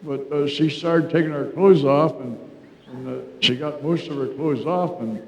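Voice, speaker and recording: A man's voice: on the high side, normal speed, a little mellow. An older man telling rambling local history anecdotes at a library talk, folksy and chuckling, with many restarts. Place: library meeting room. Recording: roomy reverb, dull lo-fi sound.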